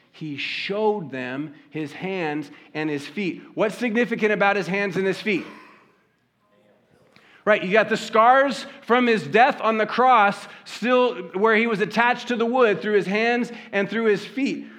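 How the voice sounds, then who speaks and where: High-voiced man preaching, animated storyteller. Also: measured pace. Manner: conversational, animated storytelling with rhetorical questions. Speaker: pastor. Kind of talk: sermon.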